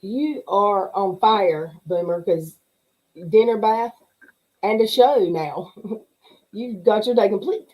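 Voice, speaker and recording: A woman's voice: medium pitch, slow pace, long pauses, dull audio. A middle-aged woman hosting a livestream. She chats casually, laughs often and greets viewers by name as she reads their comments. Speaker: livestream host. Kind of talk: casual chat reading live comments.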